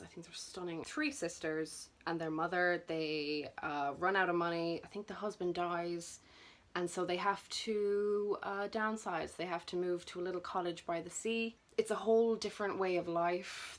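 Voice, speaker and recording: Chatty, nervous young woman. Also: on the low side. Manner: chatty, nervous and self-conscious. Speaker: booktuber. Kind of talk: casual book collection vlog. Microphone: camera mic.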